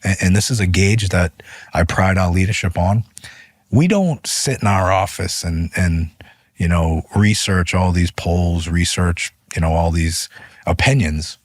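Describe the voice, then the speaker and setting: Husky low-voiced man telling a story. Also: a little slow, dry recording, studio quality. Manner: animated, voice rises when retelling arguments. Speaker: union leader guest. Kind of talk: interview storytelling.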